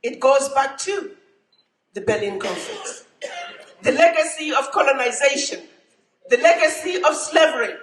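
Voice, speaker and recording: A woman ambassador giving an impassioned public speech, rhythmic and rousing, rising to shouts. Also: high-pitched, animated, moderate pace, pauses often, echoey room, slight background noise, poor audio.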